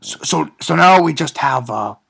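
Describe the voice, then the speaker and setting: A man's voice: fairly high pitch, animated, normal speed, creaky, a bit bright. A man giving a casual, sarcastic recap of a movie, rambling with many stumbles and restarts. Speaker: movie reviewer.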